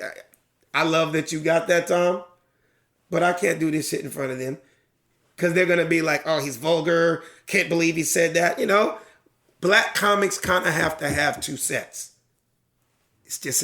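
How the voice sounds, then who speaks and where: Middle-aged male comic, fairly high, bright delivery; animated storyteller who slips into character voices. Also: moderate pace, vocal fry, pauses often. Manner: animated storyteller, acts out crowd voices, swears freely. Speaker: stand-up comedian, podcast guest. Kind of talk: casual podcast chat, retelling a stand-up bit.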